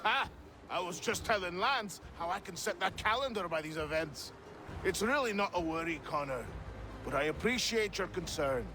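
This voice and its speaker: A man's voice: sits high, animated, moderate pace, noisy background. An actor playing a boisterous colonial tavern man in a video game, who laughs off trouble. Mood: jovial. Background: game music.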